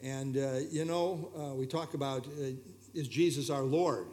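A man leading an evening Bible study, explaining verses in a relaxed, conversational way with frequent hesitations and fillers. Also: mid-range voice, unhurried.

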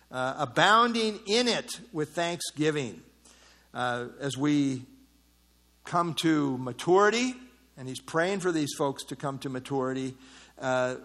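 A man with a notably high speaking voice preaches a sermon. He explains his text word by word, pausing on "uh" fillers. He breaks off into mocking asides. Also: fairly bright tone. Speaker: pastor. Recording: evening service.

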